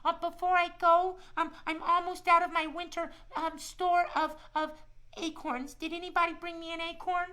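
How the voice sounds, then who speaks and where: A man's voice: extremely high pitch, flat delivery, moderate pace, pushed and bright, voice pushed up, heavily acted. A man voicing a shy, friendly little squirrel puppet in a children's show, eager and chatty and tripping over repeated words. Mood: grateful.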